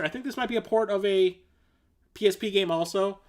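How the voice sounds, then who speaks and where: With a high voice, a darkish tone and a slightly fast pace, a man tours his game collection on a casual livestream. He rambles eagerly, using fillers and correcting himself, and his remarks are blunt and casual, with mild profanity.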